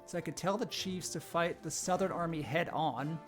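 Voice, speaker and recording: A man's voice: fairly high pitch, moderate pace, faint music behind. A man hosting a game stream, reading the story text aloud and chatting with players between passages. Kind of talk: game narration and casual chat.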